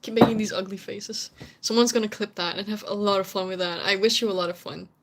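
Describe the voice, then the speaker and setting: A woman's voice: mid-range voice, fairly even intonation, fast talker, very noisy. A young Dutch woman, whose first language is Dutch, chatting casually with viewers on a stream, laughing often and sometimes searching for English words. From Netherlands.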